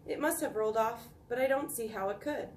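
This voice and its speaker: A woman's voice: fairly high pitch, fairly quick, a little hiss or hum, close to an everyday voice. A woman voicing an eager young boy in a read-aloud storybook, exclaiming his lines, recorded from a distance in an echoey room. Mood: puzzled.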